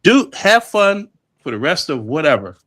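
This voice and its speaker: Veteran guy on a stream panel, high bright voice that swoops around, stammers and repeats himself. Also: sing-song, moderate pace. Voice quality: stammering, repeats words when worked up. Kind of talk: casual heated chat.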